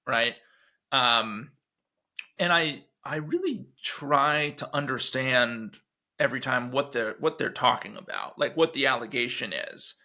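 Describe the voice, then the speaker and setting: A man speaking as an interview guest in casual chat, halting and restarting his phrases often. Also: mid-range voice, pushed and bright. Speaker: guest, author.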